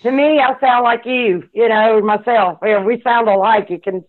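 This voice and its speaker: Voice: mid-range voice, steady tone, moderate pace. A speaker with a Southern country twang, rambling in casual chat and laughing often. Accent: Southern American. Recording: tinny phone-like line.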